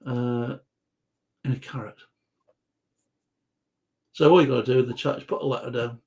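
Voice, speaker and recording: A man's voice: medium pitch, fairly even intonation, normal speed, creaky, darkish tone. A man hosting a live quiz chat, reading out viewers' answers in a rambling, jokey way and stumbling over words.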